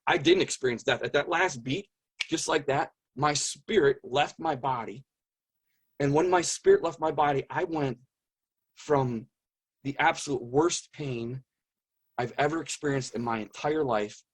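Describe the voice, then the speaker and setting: A man telling his own story as an interview guest, earnest and halting, often searching for words. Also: mid-range voice, breathy edge. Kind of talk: personal testimony in conversation.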